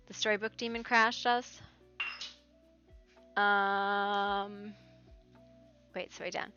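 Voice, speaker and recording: Excitable woman streamer, bright voice. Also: medium pitch, normal speed, long pauses, muffled recording, soft background music. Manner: excitable, laughing, swings loud and soft. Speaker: live streamer. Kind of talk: casual chat with stream viewers.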